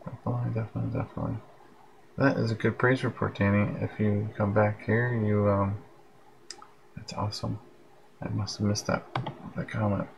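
A man's voice: on the low side, flat delivery, a little fast, gravelly, long pauses, dull audio, a little hiss or hum. A man hosting a late-night live broadcast, chatting in a rambling, friendly way and sounding tired. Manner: rambling, friendly, reads out viewer comments. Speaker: livestream host. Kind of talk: casual live broadcast chat. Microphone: headphones with plug-in mic.

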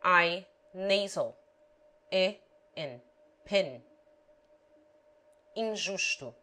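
A woman's voice: lowish voice, animated, very slow. A woman reading a language lesson aloud, spelling out letters and example words one at a time. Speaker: language teacher.

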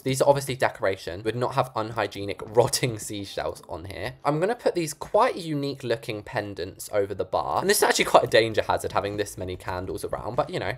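A young woman with an English accent, chatting casually in a bubbly, expressive way while commenting on her game build. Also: very deep voice. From England. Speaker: gaming YouTuber.

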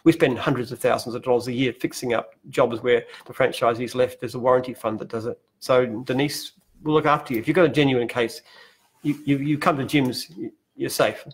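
An older Australian man, a company founder, chatting casually on a live stream from his open-plan head office, animated and often restarting his sentences with a chuckle. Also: medium pitch, brisk, slightly rough. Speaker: company founder answering viewer questions.

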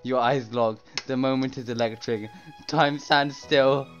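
A man reading a dating game aloud in soft, dramatic narration. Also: medium pitch, fairly even intonation, measured pace, lo-fi sound. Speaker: game reader. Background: music.

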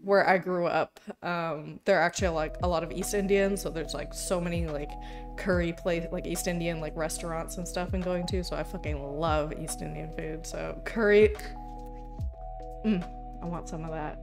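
A woman streaming live, talking in a loose, rambling way and swearing casually. Her voice sits a little low for a woman. Soft music plays quietly behind her. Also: fairly even intonation, normal speed. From Canada. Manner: rambling, chatty, swears freely. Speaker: livestreamer. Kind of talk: casual livestream chat.

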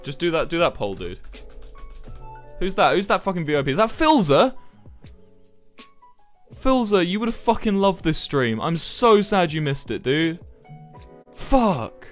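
A man's voice: a little high, big pitch swings, moderate pace, soft background music. A young man streaming live, chatting casually with viewers, swearing freely and rambling with restarts. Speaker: livestreamer. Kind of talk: casual chat with viewers while gaming.

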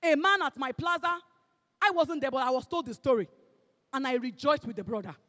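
A woman's voice: high voice, a little fast. Nigerian woman preaching in a ringing hall. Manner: emphatic, swings between shouting and hushed tones, drops into Pidgin. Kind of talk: sermon.

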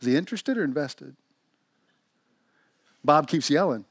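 Male pastor, sermon, lively storytelling, dry close sound. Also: a little high, brisk, long pauses, dry recording. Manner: animated storytelling with rhetorical questions. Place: church.

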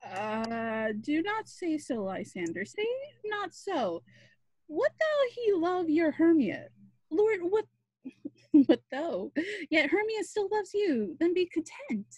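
Cast: woman as a heartsick young woman, high and swooping, slow and emotional, dry close sound. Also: no room sound, full character voice. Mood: pleading. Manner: emotional, expressive verse. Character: lovesick young woman, desperate and self-pitying. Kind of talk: Shakespeare verse reading. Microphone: video call.

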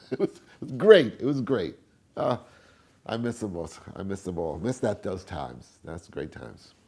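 Older male interviewee, husky and warm-toned, animated storyteller. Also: measured pace. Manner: animated storyteller, acts out quotes with big swings in pitch and volume. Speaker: interviewee, tap dancer.

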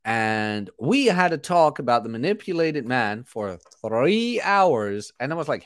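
A man's voice: medium pitch, very animated, a little slow, hardly any pauses, no room sound, studio quality. A man hosting a casual livestream podcast, rambling as he reads and answers chat comments. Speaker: podcast host.

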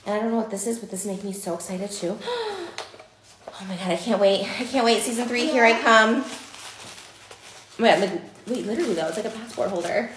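A woman vlogging an unboxing, gasping and gushing with excitement. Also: medium pitch, fairly quick. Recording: echoey room, faint noise.

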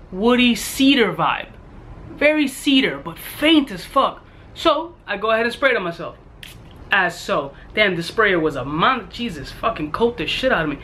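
In a high voice, a man reviews a fragrance in a blunt, casual vlog. He swears constantly and retells his story with animated energy.

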